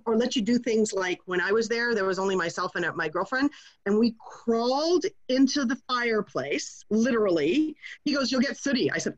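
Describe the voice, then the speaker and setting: A woman's voice: a little high, darkish tone, dull audio. A woman giving a casual online class, talking in a chatty, digressive way that slips into rants. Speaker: class presenter. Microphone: video call.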